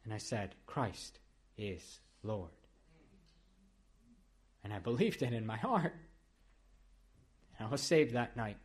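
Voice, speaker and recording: A man's voice: medium pitch, big pitch swings, normal speed, long pauses, slightly rough. Earnest male preacher telling his testimony. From Iran. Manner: earnest storytelling that swells into emphatic, repeated declarations. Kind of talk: sermon testimony.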